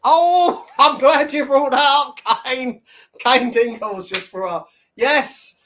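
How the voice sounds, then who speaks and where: A man's voice: very high voice, slow, pushed and bright, slight background noise. A man hosting his own live stream, chatting loosely to his viewers. He rambles through a story, swears freely and laughs a lot as he talks. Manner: rambling, sweary, laughs often, tells stories. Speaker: livestream host. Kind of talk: casual live-stream chat.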